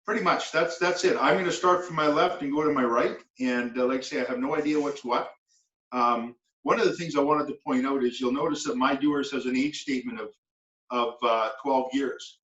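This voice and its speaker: A man's voice: medium pitch, a little fast, fairly bright tone. Canadian guy, distant and dull in a roomy space. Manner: matter-of-fact, explanatory. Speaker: co-host of a whisky tasting show. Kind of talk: casual tasting chat.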